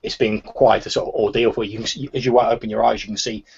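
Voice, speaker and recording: A man's voice: lowish voice, steady tone, fast, gravelly, husky, dull audio. A man narrating a tabletop role-playing game as game master, with frequent restarts. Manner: hesitant, many restarts.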